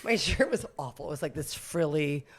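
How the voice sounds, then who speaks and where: Middle-aged woman, animated storyteller, slightly low voice, laughs a lot, mimics people. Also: a little fast, husky. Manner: animated, laughs often, self-mocking, acts out quoted voices. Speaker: podcast guest, boutique owner. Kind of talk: lively anecdotal storytelling.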